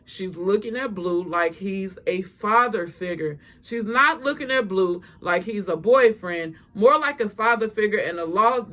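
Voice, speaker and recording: A woman's voice: fairly high pitch, a bit bright. A woman giving casual gossip commentary, blunt and exasperated, and swearing freely.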